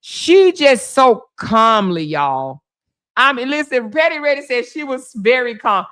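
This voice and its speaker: A middle-aged woman hosting a casual livestream, chatting to viewers and telling stories in a lively, animated way. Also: on the high side, a little slow. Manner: animated storytelling, reads viewer comments aloud. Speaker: livestream host.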